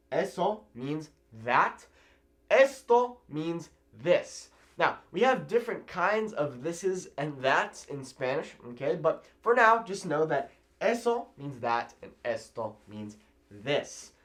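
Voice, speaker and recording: A man from California teaching a video language lesson, animated and repeating phrases slowly for learners. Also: a little high. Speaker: Spanish teacher.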